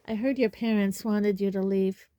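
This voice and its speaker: A woman's voice: medium pitch, steady tone, moderate pace, dark tone, clean tone, dry recording, lightly acted. A woman reading a storybook, voicing a blunt teenage boy in her own plain voice.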